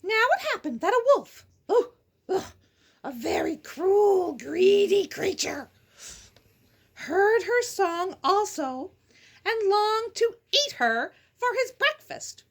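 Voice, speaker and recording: High, playful woman reading a story. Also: big pitch swings, takes it slowly. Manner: chatty, with silly asides and giggles. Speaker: storyteller host. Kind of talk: casual storybook read-aloud.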